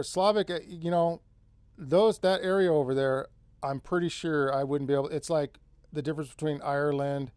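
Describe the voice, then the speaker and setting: Hosting his off-grid live stream, a central Californian man chats casually and rambles, leaning heavily on "man" and "dude." His voice is medium-pitched and a little mellow, recorded without any room sound.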